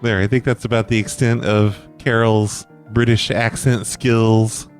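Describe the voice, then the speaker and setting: A man's voice: lowish voice, little pitch movement, a little slow, faint music behind. A man hosting a podcast, chatting casually and joking as he reacts to listener voicemails. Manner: joking, self-deprecating banter. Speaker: podcast host.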